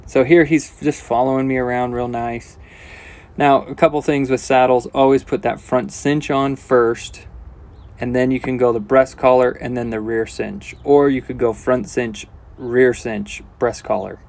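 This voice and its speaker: A man working as a horse trainer, giving calm, relaxed instructional commentary with casual asides as he works. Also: medium pitch, unhurried.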